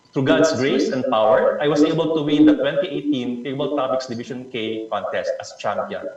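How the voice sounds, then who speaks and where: A man from the Philippines leading an online speaking workshop, encouraging and stressing key words as he repeats them. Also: fairly high pitch. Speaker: presenter leading a learning session. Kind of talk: online club workshop talk. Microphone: video call. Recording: echoey distant muffled video call audio.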